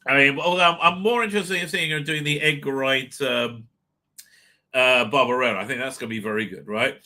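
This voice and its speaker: A man's voice: medium pitch, fairly quick, pushed and bright. A man from Britain hosting a casual live stream, rambling with frequent restarts and swearing. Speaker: livestream host.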